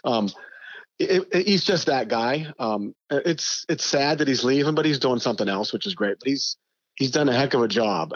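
A middle-aged man from western Pennsylvania, a guest telling golf stories in an animated way, acting out both sides of old conversations. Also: mid-range voice, moderate pace, no room sound, muffled recording. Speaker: guest, pro golfer. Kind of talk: animated storytelling.

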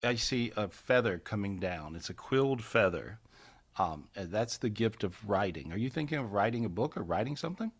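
A man with a somewhat low voice leads a live spiritual healing session over a video call. He talks in a folksy, repetitive way and laughs easily. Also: lively intonation, brisk, husky. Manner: warm, folksy, repeats phrases, laughs often.

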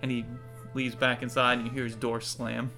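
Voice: medium pitch, level tone, moderate pace, loud music behind the voice. A game master narrating a tabletop game casually and laughing often.

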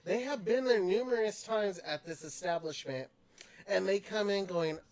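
A woman's voice: mid-range voice, moderate pace, darkish tone. A woman hosting a podcast, chatting casually with lots of laughter and fillers. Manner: laughing often, many fillers. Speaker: podcast host. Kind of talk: casual chat.

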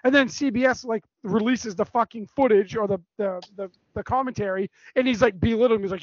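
A man's voice: high voice, fairly quick, few pauses, dry recording, highs cut off. A man co-hosting a podcast in casual chat, telling stories in a mocking, profane way. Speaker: podcast co-host.

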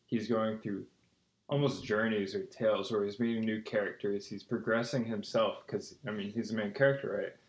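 A man's voice: fairly low pitch, level tone, echoey room. A man co-hosting a podcast in casual film discussion, easygoing and full of fillers. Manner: easygoing, filler-heavy, quick to agree. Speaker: podcast co-host.

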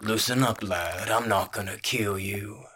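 A man voicing a huge bald crime boss, speaking slowly with genial menace in a rumbling delivery. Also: bright, forceful tone, slightly rough, exaggerated voice. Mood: silkily menacing. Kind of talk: audio drama narration.

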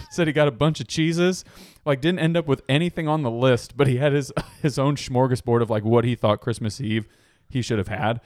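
Here the male co-host has a darkish, medium-pitched voice at normal speed, captured in a dry recording. He chats casually on the podcast, telling stories, laughing frequently and acting out voices in his anecdotes.

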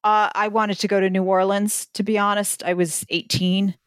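A woman's voice: medium pitch, normal speed, smooth, dry recording, studio quality. A woman guest telling a story in a casual interview, acting out other people's lines as she goes. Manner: animated storyteller, acts out quoted voices.

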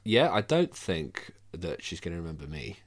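A man's voice: sits low, big pitch swings, normal speed. A man co-hosting a casual chat, joking and swearing freely. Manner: joking, swears freely, bursts into loud mock movie lines. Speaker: podcast co-host.

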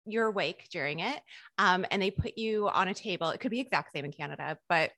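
A woman co-hosting a casual chat, animated and exclaiming as she tells a story. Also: lowish voice, brisk, no echo. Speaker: podcast co-host.

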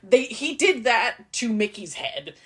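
A young woman co-hosting a podcast, chatting in a jokey, animated way about a TV episode. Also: fairly high pitch, takes it slowly. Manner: animated, jokey, laughs often. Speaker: podcast co-host. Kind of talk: casual recap chat.

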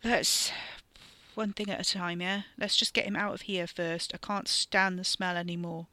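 A blunt, offhand young man, as a woman narrator reads him, his words clipped and short. The voice sits low but bright and forward, recorded close and dry. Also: steady tone, normal speed, dry recording. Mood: urgent. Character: wry young man, recovering addict cousin.

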